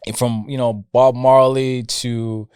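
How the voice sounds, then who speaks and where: A young man of Jamaican background co-hosting a podcast, telling stories in casual banter and breaking into loud laughter. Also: medium pitch, takes it slowly, smooth, no room sound, studio quality. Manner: laughs loudly, excitable storytelling. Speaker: podcast co-host. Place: Toronto.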